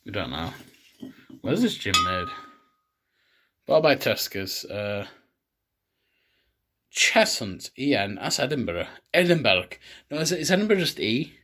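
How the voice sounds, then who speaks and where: Rambling sweary man, lively pitch. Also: measured pace, pauses often. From England. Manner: swears a lot, rambling and self-mocking. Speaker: cocktail video host. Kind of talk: rambling casual monologue.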